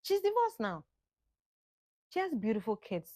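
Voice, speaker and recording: An earnest woman gives an impassioned advice monologue, exclaiming often and mixing local words into her English. Her fairly high, warm voice swoops wildly in pitch at a measured pace. The recording is studio quality with no echo.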